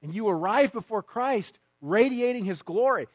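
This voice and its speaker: A man preaching a sermon to his congregation with emphatic stresses and quiet asides. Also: sits high, expressive, normal speed, husky, no room sound. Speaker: pastor.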